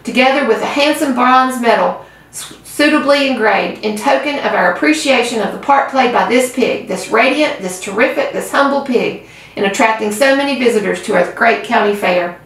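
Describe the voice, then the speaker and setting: A pompous male fair announcer booms out a formal speech, as a woman puts him on while reading a storybook. The voice sits a little high, and the room rings around it from a distance. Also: moderate pace, a bit bright. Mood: grandiose. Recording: roomy, far from mic.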